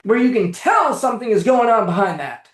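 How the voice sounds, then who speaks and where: A man's voice: high-pitched, sing-song, brisk. A man in his late twenties, working as a coach, telling his story in blunt, casual talk with frequent swearing. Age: late 20s. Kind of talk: casual direct-to-camera talk. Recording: echoey room.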